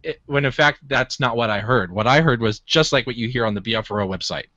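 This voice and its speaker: A man in casual conversation, telling an excited, animated story. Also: medium pitch, fast talker, no room sound, muffled recording. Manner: excitable, animated, laughs while telling stories.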